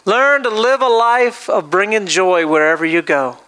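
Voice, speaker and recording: A male pastor preaching a sermon, telling a personal story in a lively way with frequent restarts. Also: high-pitched, moderate pace, smooth.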